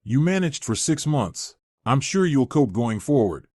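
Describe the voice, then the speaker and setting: A betrayed young woman, as a man reads her, firm and cold in every word. Her pitch moves a lot, and the sound is dry and close. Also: very animated, a little slow, a little mellow, no echo.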